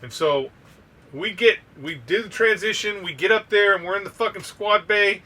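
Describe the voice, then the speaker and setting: A man co-hosting a podcast, telling a story in a loose, profane, animated way. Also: high-pitched, normal speed, recorded from a distance. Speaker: podcast co-host. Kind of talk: casual storytelling.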